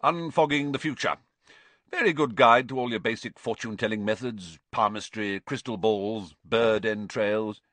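A man voicing a flustered, impatient middle-aged bookshop manager who talks briskly and excitably, read for a storybook. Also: lowish voice, no room sound, natural voice.

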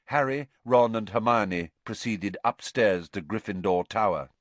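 A man reading a novel aloud as an audiobook narrator, with expressive storytelling on a close studio mic. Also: lowish voice, a little slow, no echo.

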